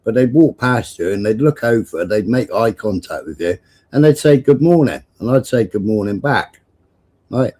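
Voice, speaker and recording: Mellow-voiced man, swearing and rambling as a stream host. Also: medium pitch, expressive, moderate pace. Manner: rambling, profane, repeats himself. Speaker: livestream host. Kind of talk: casual chat and storytelling.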